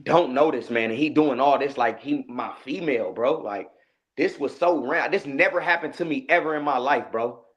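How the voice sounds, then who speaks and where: A man telling a story in a casual interview, animated and acting out the lines he quotes. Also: mid-range voice, moderate pace, lo-fi sound. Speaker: guest, rapper.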